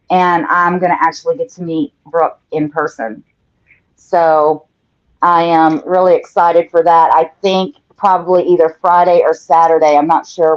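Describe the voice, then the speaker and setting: A woman hosts a live painting show, chatting casually and reading out viewer comments as she works. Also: on the low side. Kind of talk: casual livestream chat while painting. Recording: dull lo-fi livestream audio.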